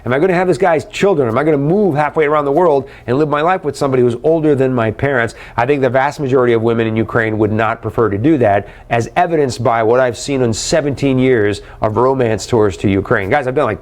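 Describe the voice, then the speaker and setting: A man's voice: medium pitch, fast talker, few pauses. A middle-aged man hosting a live webcast, chatty and upbeat as he answers viewer questions and calls them guys.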